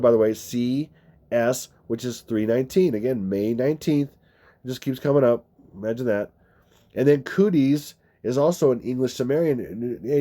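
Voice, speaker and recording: A man's voice: medium pitch, warm tone. A man hosting a video, rambling through number-code commentary over movie clips, meandering and repetitive with frequent restarts. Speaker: video host.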